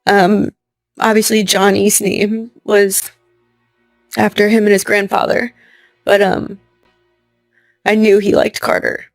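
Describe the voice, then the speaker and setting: A young woman with a gravelly, fry-laden voice recounts a personal story in conversation, voicing the people in it as she goes. The sound is dry and close, with faint music underneath. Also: medium pitch, slow pace, long pauses, no room sound. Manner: animated retelling, acting out quoted lines, laughing often. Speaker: interview guest.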